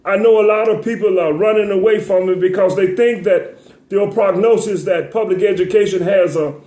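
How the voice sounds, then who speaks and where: A man's voice: high-pitched, darkish tone, echoey room. A man hosting a talk show, speaking in an emotional, tearful commentary with a preacher-like cadence, stammering and repeating words as he sniffles.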